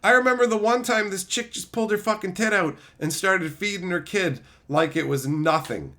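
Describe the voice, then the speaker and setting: A man's voice: high-pitched, normal speed, bright, forceful tone. A man streaming a casual chat, talkative and swearing often. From Newfoundland, Canada. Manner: chatty, swears a lot.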